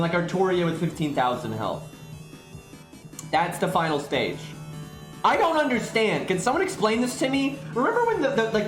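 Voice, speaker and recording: A man's voice: high-pitched, echoey room. A man streaming live, ranting in exasperation about a game, swearing and restarting his sentences as he goes.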